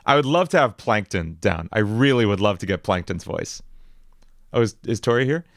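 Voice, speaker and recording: A man with a slight New York accent chatting casually on a livestream, animated and playful, often breaking into odd vocal noises. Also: fairly low pitch, normal speed, dry recording, studio quality. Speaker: music streamer.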